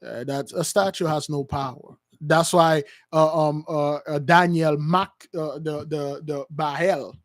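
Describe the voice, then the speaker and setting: A man's voice: fairly high pitch, steady tone, takes it slowly, few pauses, no echo, clean studio sound. A man preaching with passion, acting out quoted voices, with many fillers and restarts. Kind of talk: impassioned religious teaching.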